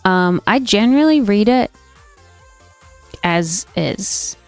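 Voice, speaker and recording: A woman's voice: mid-range voice, animated, slow pace, faint music behind. A young woman streaming a cosy game, chatting casually with viewers and reading game lines aloud. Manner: chatty, friendly, often reads game dialogue aloud.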